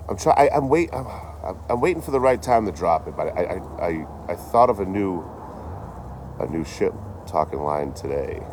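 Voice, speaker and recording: A man's voice: low-pitched, lively intonation, moderate pace, a little mellow, a little hiss or hum. A man chatting casually on a livestream, rambling and swearing, laughing often as he tells stories. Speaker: traveling livestreamer.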